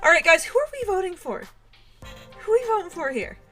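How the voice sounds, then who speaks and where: A woman's voice: very high voice, sing-song, fairly quick, fairly bright tone, soft background music. A young adult woman streaming a game, chatting casually with viewers in a giggly, self-deprecating way. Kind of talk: casual livestream chat while playing a game.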